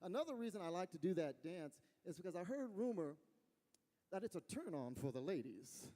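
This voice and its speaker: A man with a West Texas accent doing folksy, animated stand-up storytelling on a fair stage. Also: sits high, brisk, in a large hall. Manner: animated storytelling, folksy, laughs at own jokes. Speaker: stand-up comedian. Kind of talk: stand-up comedy.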